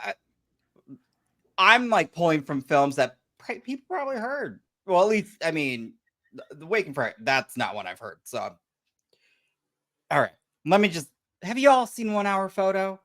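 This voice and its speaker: A woman's voice: lowish voice, sing-song, unhurried, pauses often, a bit bright. A woman chatting as a podcast guest, reacting expressively and restarting her sentences as she thinks. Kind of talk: casual chat.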